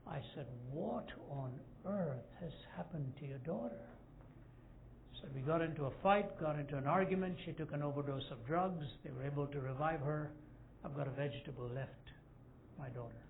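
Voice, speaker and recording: A man in his sixties preaching a sermon to a group of men, telling stories that rise to loud, emphatic peaks. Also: on the high side, moderate pace. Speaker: evangelist speaker. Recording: tinny phone-like lo-fi recording with faint hiss.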